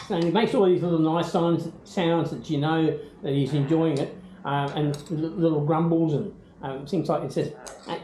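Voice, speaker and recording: Man, older, Australian accent, casual rambling chat, warm dark tone, echoey room, faint noise. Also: moderate pace. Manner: rambling with many ums, sudden high baby-talk to his bird. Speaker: bird owner. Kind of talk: casual home video chat.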